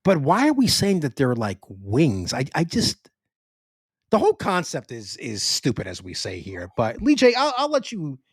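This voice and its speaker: A man co-hosting a casual sports podcast with a New York accent, talking in an animated way with frequent swearing and restarts. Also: a little high, moderate pace, vocal fry, husky, dry recording, studio quality. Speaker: podcast co-host.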